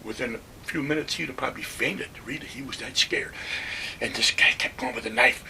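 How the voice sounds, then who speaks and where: A man in his nineties from Western New York telling his army stories in a plainspoken, animated way. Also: mid-range voice, fairly quick, vocal fry, far from the mic, a little hiss or hum. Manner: plainspoken, animated retelling with acted-out quotes. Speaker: WWII veteran telling war stories. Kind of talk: oral history storytelling.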